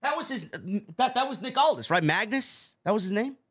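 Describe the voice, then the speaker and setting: Animated Bronx-accented man, high voice. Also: brisk, breathy edge. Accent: New York (Bronx). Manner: animated, profane, sarcastic. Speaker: podcast co-host. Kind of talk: casual wrestling review chat.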